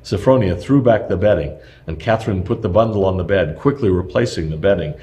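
Low-voiced man reading history aloud. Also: brisk, dark tone. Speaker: narrator.

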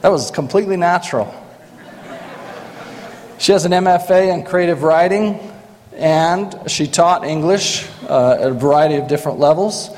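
A man's voice: a little high, normal speed. A man introducing panel members with dry joking asides, in a large hall. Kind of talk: lighthearted introductions. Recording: long hall reverb.

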